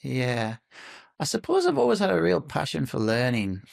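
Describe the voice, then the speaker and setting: A middle-aged UK company founder chats as a podcast guest, pondering his answers, stumbling into restarts, and leaning on fillers. His mid-range voice swings hugely in pitch at a normal speed, with vocal fry, on a dry, clean studio recording.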